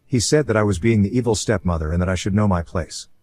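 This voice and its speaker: A man's voice: on the low side, fast, darkish tone. A man reading a first-person online story aloud in a casual, conversational way. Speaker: story narrator.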